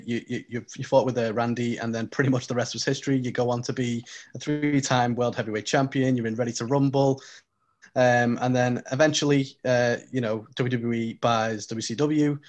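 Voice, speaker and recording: A man's voice: medium pitch, steady tone, normal speed. A man hosting a wrestling interview show, asking questions in a casual, hesitant way with many restarts.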